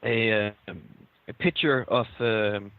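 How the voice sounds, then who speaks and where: A man taking part in an online tabletop game, slow and halting as he searches for his words. His voice comes through thin and tinny, like a phone line. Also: on the low side, no room sound. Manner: halting, many ums. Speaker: player.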